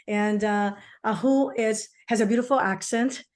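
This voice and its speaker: A woman's voice: medium pitch, measured pace, darkish tone. A woman real estate coach hosting an interview, effusive and emphatic, telling stories about her client. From outside the US.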